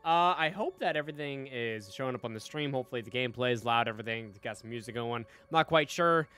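A man streaming a game live, chatting casually with viewers, excitable and swearing often. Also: mid-range voice, fast talker. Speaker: gaming streamer. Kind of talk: live gameplay commentary.

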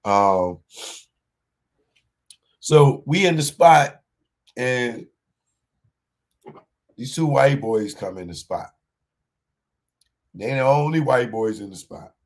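A male comedian tells a story on stage in a loose, slangy flow, stumbling over and repeating his words. His voice sits in a middle pitch, and he jumps up into high shouts when he acts out other people. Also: lively intonation, slow pace, long pauses. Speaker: stand-up comedian. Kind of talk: live stand-up storytelling.

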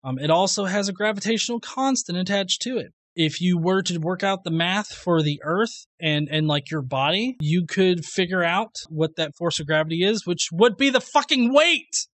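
A man's voice: high-pitched, expressive, moderate pace, hardly any pauses, a bit bright, dry recording. A man hosting a reaction commentary video, sarcastic and profane, laughing often at what he responds to.

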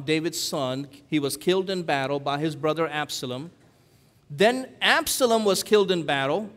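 A man preaching a sermon in a church, his voice sitting a little high for a man. He swings from forceful emphasis down to hushed, quiet scripture quotes. A long hall reverb trails every phrase. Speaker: pastor.

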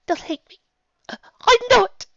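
A woman voicing an anxious, tearful young princess pony mare in a high squeaky voice, recorded dull and lo-fi. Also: very animated, moderate pace, breathy edge, no echo. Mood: bawling.

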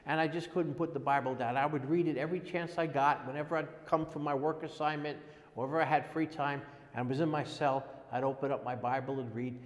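Older man, higher-pitched voice, halting testimony in a long reverberant space. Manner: rambling, halting, with many restarts. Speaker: prisoner telling his story. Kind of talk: personal testimony.

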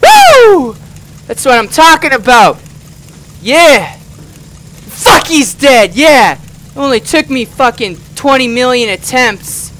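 A man doing loud, excitable let's play commentary, swearing and yelling at the game. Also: very high voice, slow pace, slight background noise. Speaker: gamer. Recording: music playing underneath.

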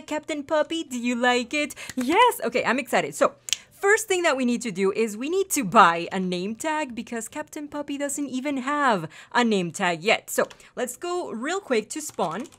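Young female gamer, bright higher register, bubbly running commentary, coos at pets. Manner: chatty, excitable, talks to her pet. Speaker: gaming YouTuber. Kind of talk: casual Let's Play commentary.

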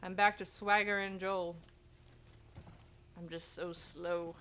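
A woman's voice: lowish voice, level tone, takes it slowly, a bit bright, slight background noise. A woman streamer giving casual, chatty gameplay commentary, giggly and self-mocking. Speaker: game streamer.

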